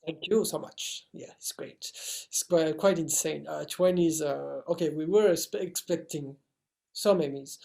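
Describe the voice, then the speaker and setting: French-accented young man, gravelly voice. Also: fairly high pitch, measured pace, darkish tone. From France. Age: young adult. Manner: hesitant, many fillers and restarts. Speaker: actor guest. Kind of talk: casual interview answers.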